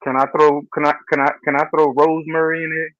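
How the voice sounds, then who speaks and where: A man's voice: on the high side, little pitch movement, fast talker, a bit bright, no room sound, lo-fi sound. A man co-hosting a podcast, chatting casually and hesitantly, often repeating his words. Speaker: podcast co-host. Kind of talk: casual chat.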